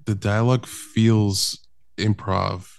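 A man's voice: on the low side, little pitch movement, gravelly, no room sound. Stammering man co-hosting a podcast. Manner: halting, stammering, profane. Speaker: podcast co-host. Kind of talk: casual chat.

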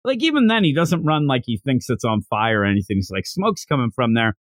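A man's voice: mid-range voice, huge pitch swings, quick pace, no room sound. A man chatting casually about an anime, sarcastically acting out the characters' lines. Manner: sarcastic, acts out characters' lines in exaggerated voices. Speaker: podcast host reviewing an anime. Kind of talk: casual chat.

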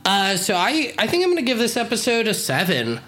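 A man's voice: high-pitched, fairly quick. A man hosting a podcast, chatting casually and wryly with his co-host. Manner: relaxed, wry, asks co-host for ratings. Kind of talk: casual chat.

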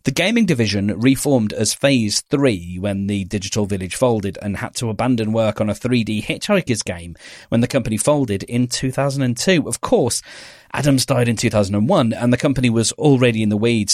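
A man hosting a podcast, leading into a new segment in brisk, upbeat chat. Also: mid-range voice, animated, no room sound, studio quality. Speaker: podcast host. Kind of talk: casual chat and scripted segment intro.

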